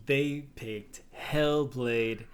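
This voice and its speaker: A man co-hosting a casual video game podcast, gushing and animated, often laughing. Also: mid-range voice, drawn-out words, clean tone. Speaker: podcast co-host. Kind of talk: casual game review chat.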